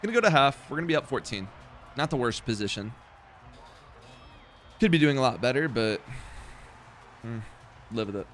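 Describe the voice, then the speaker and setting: A man's voice: mid-range voice, very animated, normal speed, long pauses, fairly bright tone, soft background music. A young man casually commenting on his own football video game play, talking to himself, swearing and mocking his own mistakes. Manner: swearing, self-deprecating, talks to himself while playing. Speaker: gaming streamer.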